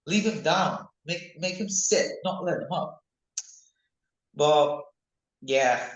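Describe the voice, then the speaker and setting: Young guy fighter rambling on excitedly, room sounds kinda echoey. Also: a little high, measured pace. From United Kingdom. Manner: rambling, excitable, animated when recalling fights. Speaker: MMA fighter, interview guest. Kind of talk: casual interview talk.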